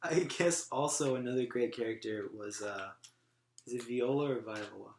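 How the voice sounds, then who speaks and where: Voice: medium pitch, animated, normal speed, a little hiss or hum. A co-host of a movie review show, talking in a casual, chatty and opinionated way. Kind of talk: casual podcast chat. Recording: echoey room.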